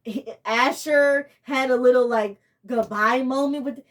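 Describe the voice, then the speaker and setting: A woman's voice: sits high, fairly even intonation, unhurried. Exasperated young woman ranting a review. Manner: exasperated, rambling, emotional. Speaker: TV show reviewer. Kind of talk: casual vlog review.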